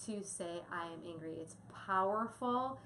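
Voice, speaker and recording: This co-host of a parenting talk speaks in a mid-range, fairly bright voice and takes her time. The chat is casual and educational, full of laughter and examples, and the room echoes with faint ambient noise.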